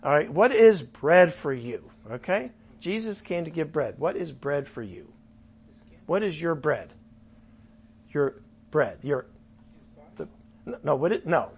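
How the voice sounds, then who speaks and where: Guy preaching, kinda high voice, lively, keeps quizzing the room. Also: a little slow, long pauses, husky, dull audio. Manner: animated, asks the audience questions, jokes. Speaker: pastor. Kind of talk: sermon Bible study.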